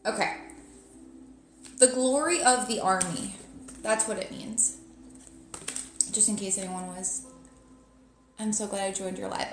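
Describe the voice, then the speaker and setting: A woman's voice: mid-range voice, measured pace, pauses often, roomy sound, a little hiss or hum. A woman in her thirties with a New Jersey accent, giving a live tarot reading in a chatty, blunt way. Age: 30s. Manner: chatty, blunt, laughs often, lots of "like". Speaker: tarot reader.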